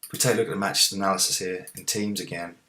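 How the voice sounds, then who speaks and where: Mężczyzna o bardzo niskim głosie komentuje grę. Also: male voice, deep voice, quick pace. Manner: excitable, cheers at goals. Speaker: let's play host. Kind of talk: game commentary.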